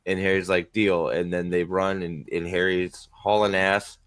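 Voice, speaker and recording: A man in casual book-discussion chat, profane and animated, acting out scenes as he retells them. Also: sits low, measured pace, dry recording. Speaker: podcast host.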